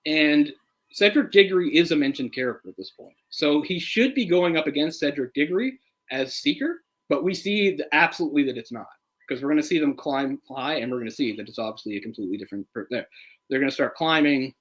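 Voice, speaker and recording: A man co-hosting a casual live movie commentary, chatty and opinionated, getting heated and animated as he picks apart the adaptation. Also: on the high side, low-quality recording. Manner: opinionated, gets heated and animated when ranting; chatty, full of "like" and restarts. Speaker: film commentary co-host.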